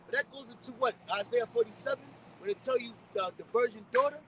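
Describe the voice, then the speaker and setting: A high-voiced man preaches outdoors on a city street, blunt, profane and repetitive. He is heard from a step back off the mic, with faint traffic behind him. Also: fast, bright, forceful tone, far from the mic, poor audio.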